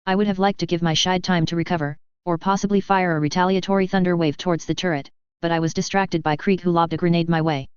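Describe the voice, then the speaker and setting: A woman reading a first-person fan fiction story aloud in a steady narrating voice. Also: on the low side, clear, resonant tone, dry recording. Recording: dull lo-fi dry recording.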